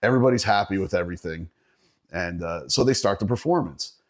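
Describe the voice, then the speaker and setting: A man's voice: deep voice, expressive, fast talker. A middle-aged man from Northeastern Pennsylvania, a podcast guest telling a profane story in casual chat, laughing often.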